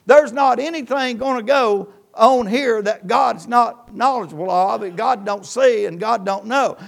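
A man's voice: very high voice, a little slow, creaky. A man preaching a church sermon as pastor, quoting scripture with rising and falling emphasis.

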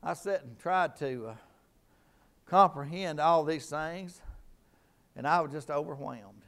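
A man's voice: on the high side, measured pace, fairly bright tone. A middle-aged man preaching a sermon in a fervent, emphatic way, repeating his key lines.

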